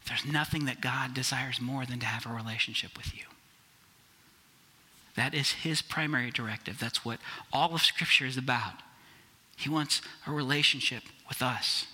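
Bright-voiced male pastor preaching. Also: medium pitch, moderate pace, breathy edge. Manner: conversational, addresses listeners as guys. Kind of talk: sermon.

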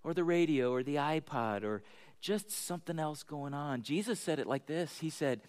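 A man's voice: on the high side, moderate pace, darkish tone. A middle-aged man preaching a conversational sermon, chatty and self-deprecating, often asking the congregation questions. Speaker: pastor.

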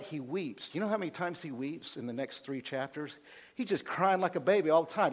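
A male pastor giving an animated, conversational sermon, swinging between loud emphasis and quiet asides. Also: sits high.

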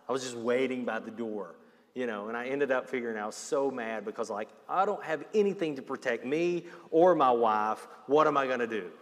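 A man's voice: mid-range voice, long reverb tail. A man preaching a sermon in an earnest voice that swells and drops in intensity. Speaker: pastor.

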